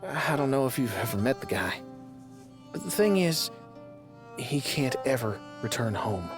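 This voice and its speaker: Over game music, a woman performs a full character voice for a simple, kindhearted young country man in a video game, using a folksy rural drawl. Her very deep voice swings widely in pitch, unhurried and somber.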